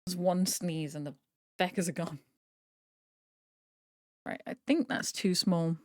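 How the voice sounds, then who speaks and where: A woman's voice: on the low side, slow, no room sound, studio quality. Chatty woman talking to herself while sewing. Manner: chatty self-talk, mild swearing. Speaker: streamer. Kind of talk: casual chat while sewing on a live stream.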